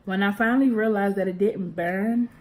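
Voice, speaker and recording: A young woman vlogger telling a casual, animated storytime about growing up. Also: mid-range voice, moderate pace, poor audio. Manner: animated, expressive, talks with her hands.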